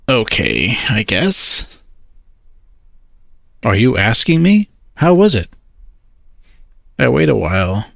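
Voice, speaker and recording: A man's voice: on the low side, vocal fry, fairly bright tone, dry recording. A man narrating a first-person story, hesitant and awkward in his character's lines.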